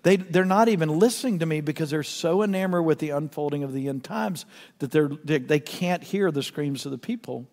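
Middle-aged male pastor, earnest storyteller, slightly higher voice, long hall reverb, soft-to-loud swings. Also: a little fast. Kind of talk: sermon.

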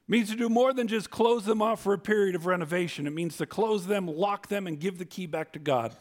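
A man preaching a sermon as pastor, humorous and conversational, swinging between loud emphasis and quiet asides. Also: sits high, normal speed.

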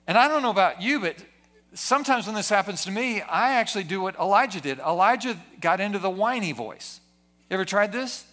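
Male pastor, sermon delivery, earnest, repeats phrases, bright tone. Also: high voice, animated, fairly quick. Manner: earnest preaching with frequent word repetitions. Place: church service.

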